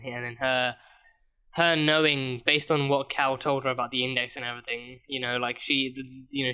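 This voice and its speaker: A man's voice: medium pitch, sharp tone. Rambling stammering male TV reviewer. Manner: rambling, many restarts and stammered repeats. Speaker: TV reaction reviewer. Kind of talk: casual episode review.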